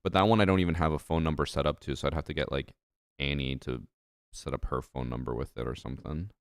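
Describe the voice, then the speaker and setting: A young man chatting casually while live-streaming a game, relaxed and rambling with lots of "like" fillers. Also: a bass voice, quick pace, smooth, dry recording. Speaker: gaming streamer. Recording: steady clicking noise in background.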